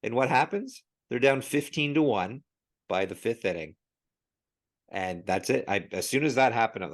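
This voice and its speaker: A man's voice: mid-range voice, moderate pace. A man talking as a podcast guest in casual chat, telling stories with animation and frequent laughs. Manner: animated storyteller, laughs often. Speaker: podcast guest, sports logo expert.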